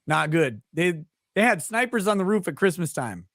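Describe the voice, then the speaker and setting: A man's voice: high voice, big pitch swings, moderate pace, a bit bright, no room sound, studio quality. A man hosting a casual chat with friends, telling rambling, profane stories about family and childhood. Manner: rambling storyteller, loose and profane. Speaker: host.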